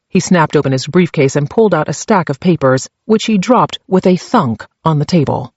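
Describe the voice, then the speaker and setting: A man narrating an audiobook in a steady, even storytelling manner. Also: fairly high pitch, normal speed, hardly any pauses, slightly rough, no room sound, highs cut off. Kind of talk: scripted narration.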